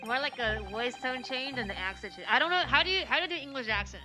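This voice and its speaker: A woman's voice: fairly high pitch, lively intonation, quick pace. Chatty woman streaming a game. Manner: chatty, rambling, talks to chat with fillers. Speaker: VTuber streamer. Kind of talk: casual game stream chat. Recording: game music behind the voice.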